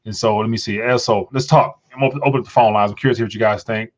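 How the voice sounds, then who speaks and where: A man's voice: lowish voice, fairly even intonation, rapid-fire, dull audio. A man hosting a casual livestream, talking in a rambling way with frequent restarts and stumbles. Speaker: livestream host.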